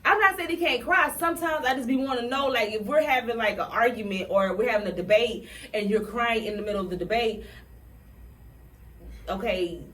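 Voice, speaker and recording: Blunt, animated woman chatting on a podcast. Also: fairly high pitch, a little fast, far from the mic. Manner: blunt, animated, swears freely. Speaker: podcast co-host. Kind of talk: casual chat. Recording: roomy, from the mic, faint noise.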